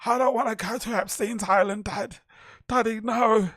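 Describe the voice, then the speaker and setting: Whiny spoiled rich boy pleading with Father, high and shrill, as a man puts him on. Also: fairly even intonation, normal speed, a bit bright, dry recording, studio quality. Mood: whining. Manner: high whining plea, giggling through it.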